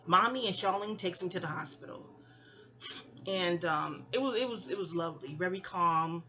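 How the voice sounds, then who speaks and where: A woman's voice: lowish voice, animated, normal speed, background noise. A young woman casually telling a personal story, chatty and digressive, often trailing off into asides. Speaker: audio diarist.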